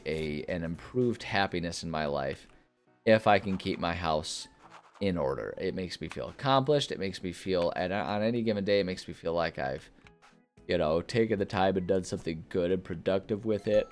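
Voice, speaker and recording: Low-voiced man rambling casually. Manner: rambling, filler-heavy, relaxed. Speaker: gaming video host. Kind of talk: casual gameplay commentary.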